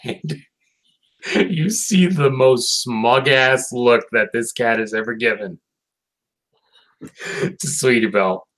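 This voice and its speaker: A man's voice: mid-range voice, slow pace, pauses often, fairly bright tone, poor audio. Tired, rambling man in a casual chat. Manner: rambling, swears often, many fillers and restarts. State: tired, yawning late at night. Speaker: podcast co-host reviewing a cartoon episode.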